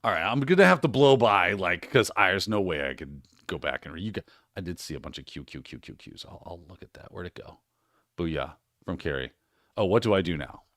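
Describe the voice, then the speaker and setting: A man hosts a casual livestream at his desk mic and talks with lively, swinging pitch. He is energetic and encouraging, restarts often and tags his points with "right?". The sound is close and dry. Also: fairly quick, dry recording. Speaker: host.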